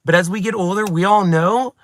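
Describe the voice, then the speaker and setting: A man in his forties, a craft YouTuber and channel host, chatting to his viewers in a lively, self-mocking way. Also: high voice, fairly quick. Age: 40s. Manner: chatty, animated and self-mocking, with bursts of laughter. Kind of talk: chatty vlog storytelling to viewers.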